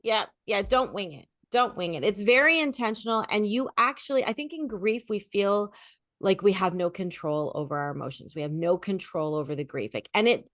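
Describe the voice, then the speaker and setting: A woman grief coach giving animated, expressive advice in a podcast conversation. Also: lowish voice, no room sound, clean studio sound. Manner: animated, expressive, lively storytelling.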